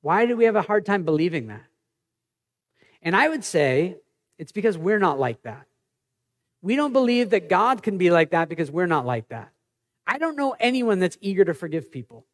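A man in his thirties, a pastor, preaching a sermon in an animated, conversational way with personal stories. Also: high-pitched, normal speed.

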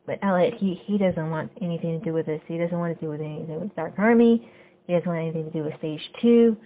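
A woman's voice: on the low side, quick pace, slight background noise. Woman recapping a show over a tinny line. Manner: retells scenes step by step, lively when quoting characters. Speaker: podcast host. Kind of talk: casual episode recap. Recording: phone-like narrow sound.

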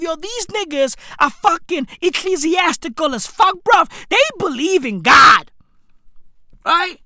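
A woman with delivering a profane comedic rant, swearing a lot and breaking into shouts. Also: sits high, dry recording, studio quality. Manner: slang-heavy, swearing, bursts of shouting.

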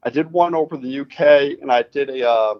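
A man's voice: mid-range voice, fairly quick, lo-fi sound. A man from Connecticut, a racing driver guest, telling his story in a casual interview and acting out the dialogue. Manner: animated retelling, acts out quoted dialogue.

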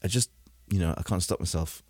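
Low-voiced man chatting easily. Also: brisk, darkish tone, husky, no echo. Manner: easygoing, rambling, laughs at himself. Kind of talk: casual chat.

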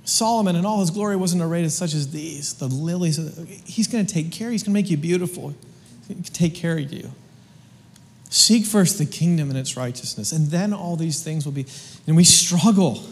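High-voiced casual preacher in a big hall. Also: male voice, normal speed. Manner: casual, joking, slangy preaching with lots of restarts. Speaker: pastor. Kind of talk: sermon.

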